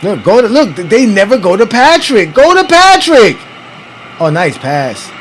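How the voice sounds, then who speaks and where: A man hosting a casual watch-along, giving excitable, profane, trash-talking commentary on an old basketball game. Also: high-pitched, moderate pace, a little hiss or hum. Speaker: podcast host.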